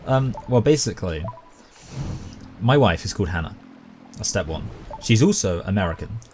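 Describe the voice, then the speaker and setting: A British gaming YouTuber with a lowish, darkish, expressive voice talks at a moderate pace while playing. He casually rambles through a long-winded, self-aware story, with slight hiss or hum in the audio.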